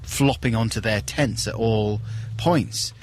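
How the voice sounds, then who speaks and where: A man's voice: on the low side, slow pace, slight background noise. A man in his thirties co-hosting a live radio show from a festival, rambling playfully with many "like"s. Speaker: radio host. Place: live broadcast from a music festival.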